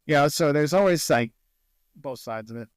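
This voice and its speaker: A man's voice: fairly high pitch, moderate pace, clear, resonant tone, no echo. A man, a travel video creator guest in a casual podcast interview, telling stories and acting out the people he quotes.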